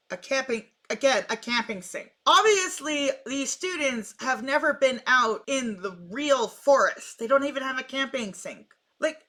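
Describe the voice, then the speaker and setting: Woman vlogger, high voice, sharp and bright, sarcastic profane rant commentary. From Canada. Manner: blunt, sarcastic, profane ranting. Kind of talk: ranting news commentary.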